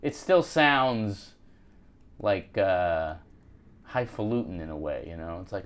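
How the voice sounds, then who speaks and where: A man's voice: low-pitched, lively intonation, slow, long pauses, slight background noise. A man hosting a talk show, chatting casually and jokingly in a rambling way. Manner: rambling, playful, full of fillers.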